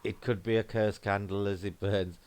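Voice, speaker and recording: A man's voice: lowish voice, little pitch movement, moderate pace, darkish tone, clear, resonant tone. A man with a Black Country accent, co-hosting a paranormal livestream and chatting casually, reading viewer comments aloud and rambling with frequent restarts. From English Midlands.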